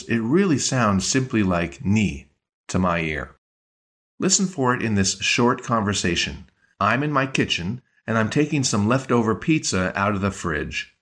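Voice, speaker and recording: Male teacher, husky low voice, measured scripted lesson delivery. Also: fairly bright tone. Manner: measured, explanatory. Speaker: language teacher.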